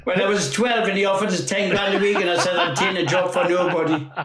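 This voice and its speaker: A man's voice: sits high, level tone, quick pace, roomy sound, a loud crowd, low-quality recording. A Geordie man in his fifties, a guest telling rambling football anecdotes with acted quotes and frequent laughter. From North East England. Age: 50s. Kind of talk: storytelling anecdotes.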